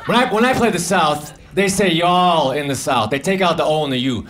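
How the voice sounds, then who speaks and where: A man doing a stand-up comedy set of deadpan one-liners with mumbled asides, recorded live on a comedy club stage. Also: fairly high pitch, fast, few pauses, slight background noise.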